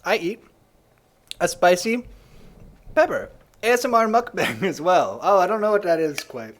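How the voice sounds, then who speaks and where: A man's voice: high voice, big pitch swings, normal speed. A man chatting casually on a live stream, rambling and joking and often repeating himself.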